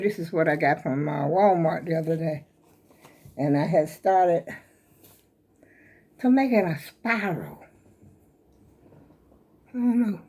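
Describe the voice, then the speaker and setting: A woman's voice: on the low side, warm tone. An older woman, chatting casually and rambling folksy to her viewers at home while a little out of breath. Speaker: vlogger showing her crochet. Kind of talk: casual chat to camera.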